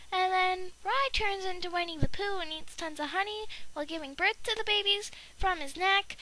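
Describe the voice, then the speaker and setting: A young woman telling a silly, rambling made-up story in a playful, giggly way, slipping into quick character voices. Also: very high voice, noisy background.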